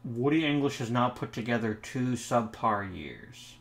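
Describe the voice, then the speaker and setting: A man's voice: medium pitch, animated, a little slow, creaky. A young man hosting a let's play of a baseball management game, talking through his choices and sarcastically snapping back at his own virtual players. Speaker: gaming channel host.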